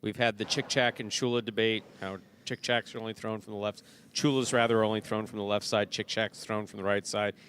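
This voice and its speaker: Middle-aged male jai alai announcer, low-pitched, chatty, corrects himself as he goes. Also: flat delivery, a little fast, hardly any pauses, a bit bright, slight background noise. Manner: chatty, explanatory, self-correcting. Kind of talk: broadcast commentary and chat.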